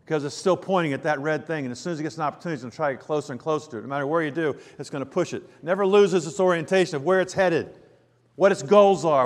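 A man's voice: fairly high pitch, rapid-fire. A man preaching a conversational sermon in a church, asking the congregation questions and acting out quoted chatter. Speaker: pastor. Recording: long reverb of a church hall.

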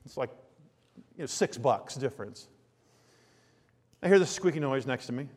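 A man preaching a sermon, telling homely stories with emphatic, drawn-out phrases. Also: on the high side, animated. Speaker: pastor. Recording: long reverb of a large hall.

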